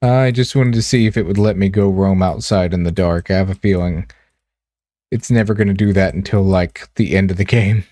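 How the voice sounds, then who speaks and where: A man streaming a game, reading text aloud with relaxed, wry asides. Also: sits low, fairly quick, no room sound, studio quality.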